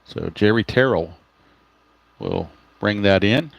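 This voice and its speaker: Low-voiced man calling dice-rolled baseball. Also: slow, gravelly, no echo. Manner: relaxed, explains dice rolls and player cards as he plays; greets live chat viewers mid-game. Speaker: tabletop baseball game host. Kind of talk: livestreamed play-by-play of a dice baseball game.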